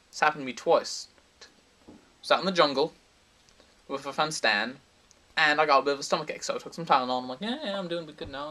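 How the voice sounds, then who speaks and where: A man telling a rambling, absurd comic story in a deadpan way, breaking now and then into sudden high outbursts. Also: distant mic. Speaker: comedic storyteller. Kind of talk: absurd rambling comedy monologue.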